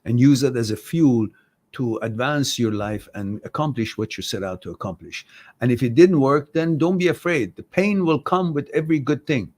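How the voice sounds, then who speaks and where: A man hosting an advice show, answering viewer questions about relationships in a blunt, direct way, swearing casually and swinging between soft and loud. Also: medium pitch, normal speed.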